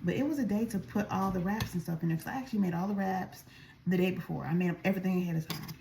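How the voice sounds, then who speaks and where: A woman's voice: on the low side, quick pace, vocal fry, mellow, slight background noise. A woman vlogger telling a story in a chatty, casual way while she eats, speaking straight to her viewers. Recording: echoey room.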